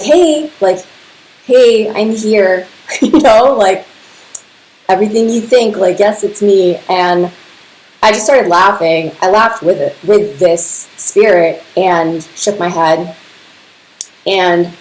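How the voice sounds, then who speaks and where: Mid-range and darkish in tone, this woman's voice carries casual storytelling on her podcast in an echoey room. Of Serbian family background, she chats about her life, laughs a lot and fills her speech with "like".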